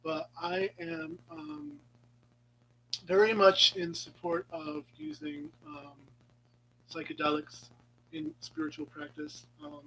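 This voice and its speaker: A man's voice: high voice, gravelly, fairly bright tone, rough recording. A man hosting a casual live chat with viewers, meandering and playful, with many ums and restarts, sometimes dropping to a whisper. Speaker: live stream host.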